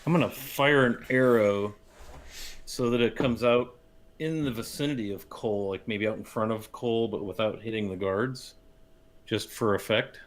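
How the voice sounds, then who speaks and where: A man playing a tabletop game, calmly stating his actions. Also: fairly low pitch, moderate pace. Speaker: player. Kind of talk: casual tabletop play.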